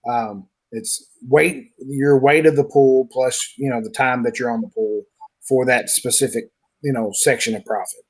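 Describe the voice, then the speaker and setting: A man's voice: mid-range voice, steady tone, a little slow, slightly rough, rough recording. Casual man fielding audience questions. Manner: loose, repeats "like I said". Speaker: platform developer answering questions. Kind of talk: live online Q&A.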